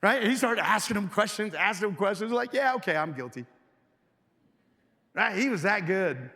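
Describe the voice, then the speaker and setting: A high, lively male voice with a bright, forceful edge. He delivers a keynote to a live audience, firing questions at the crowd and pulling them in. The sound carries a long hall reverb. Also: a little fast. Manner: energetic, engages audience with questions. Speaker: keynote speaker. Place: large hotel event hall.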